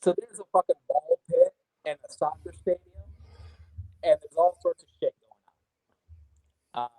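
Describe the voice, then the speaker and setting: A man's voice: on the high side, steady tone, moderate pace, warm tone, dry recording, low-quality recording. A man telling a wrestling road story in casual chat, swearing often and restarting his sentences. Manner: profane, rambling storyteller with many restarts. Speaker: guest wrestler. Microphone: remote call mic with audio trouble.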